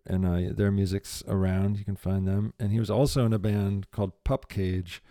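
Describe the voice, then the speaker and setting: A man's voice: fairly low pitch, fairly even intonation, moderate pace, dark tone, no echo, studio quality. A man hosting a casual chat, friendly and encouraging toward his guest. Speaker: host.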